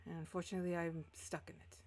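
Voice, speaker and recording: A woman's voice: on the low side, level tone, quick pace, darkish tone, close to an everyday voice. A woman voicing a secretive young male mage who speaks formally and guardedly.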